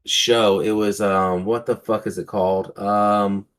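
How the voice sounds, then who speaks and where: A young man in casual podcast chat, rambling and laid-back, with plenty of swearing. His voice sits a little low. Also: fairly even intonation, unhurried. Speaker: podcast co-host.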